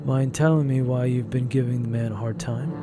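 A man voicing a male demon posing as a human, speaking slowly and coldly in an audio story. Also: mid-range voice, fairly even intonation, lightly acted. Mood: taunting.

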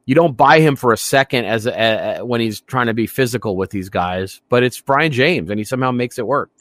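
A man's voice: mid-range voice, expressive, fairly quick, a bit bright, no room sound. A man co-hosting a movie podcast, chatting casually and enthusiastically about films, rambling with restarts. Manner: enthusiastic, rambling, laughs often. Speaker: podcast co-host.

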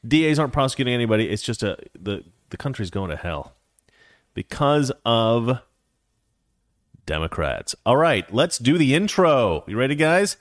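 A man's voice: medium pitch, sing-song, measured pace, no room sound, studio quality. A man hosting a casual livestream commentary show, talking in a sarcastic, ranting way. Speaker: host.

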